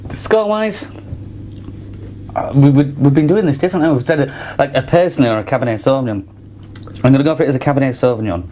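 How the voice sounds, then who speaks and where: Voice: mid-range voice, fast talker, pauses often, warm tone, a little hiss or hum. A speaker co-hosting a casual wine tasting chat, musing and hesitant with frequent restarts. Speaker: wine show co-host.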